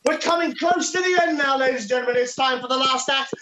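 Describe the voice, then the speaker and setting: A man hosting a live online comedy show, chatting casually and then shouting hyped-up introductions over a video call. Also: extremely high pitch, quick pace. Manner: loud, hyped-up emcee patter. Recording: noisy online call audio.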